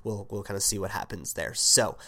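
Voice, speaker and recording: A man's voice: on the low side, fairly quick, sharp tone. A man with a sick voice hosting his own sports podcast, talking loosely with lots of fillers and restarts. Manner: rambling, many fillers and restarts. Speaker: podcast host. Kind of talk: solo sports podcast talk.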